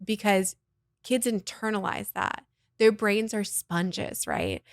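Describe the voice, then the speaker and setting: A woman guest, a voice teacher and arts nonprofit founder, talking in a casual interview in an animated, expressive way with frequent laughter. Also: mid-range voice, slow, no room sound, clean studio sound.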